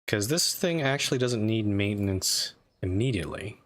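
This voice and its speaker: A man's voice: lowish voice, expressive, moderate pace, a little hiss or hum. A man streaming a strategy game, chatting casually and self-deprecatingly with lots of restarts. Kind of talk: casual live-stream commentary.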